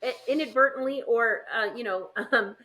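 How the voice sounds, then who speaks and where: A middle-aged woman, a guest in a casual chat, telling lively stories and acting out what people say. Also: on the high side, normal speed. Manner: lively storyteller, does voices in quotes.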